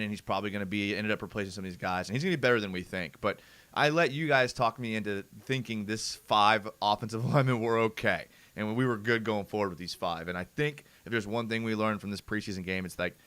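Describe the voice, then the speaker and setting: A young man hosting a live fan show, breaking down game film and reading out viewer comments in a lively, ranting way. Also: fairly low pitch. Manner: animated, ranting, addresses viewers as bro.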